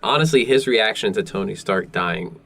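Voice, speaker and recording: Low-voiced, low-key podcast man. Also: animated, normal speed, creaky, a bit bright, distant mic. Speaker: podcast co-host. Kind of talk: casual film discussion.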